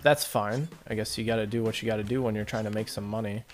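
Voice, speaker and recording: A man's voice: fairly low pitch, fairly even intonation, quick pace. A man rambling through casual gameplay commentary, talking to his viewers and joking at his own expense. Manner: rambling, self-deprecating, talks to viewers. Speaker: let's play commentator.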